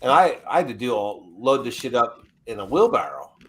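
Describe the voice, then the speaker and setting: A man's voice: medium pitch, expressive, fairly quick, fairly bright tone, a little hiss or hum. A man in his forties telling profane, laughing stories in a casual podcast chat. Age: 40s.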